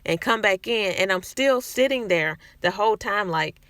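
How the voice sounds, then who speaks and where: A woman's voice: mid-range voice, expressive, normal speed, fairly bright tone, dry recording. A woman talking candidly to camera in a casual vlog, speaking conversationally and restarting her sentences often. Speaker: vlogger sharing personal experience.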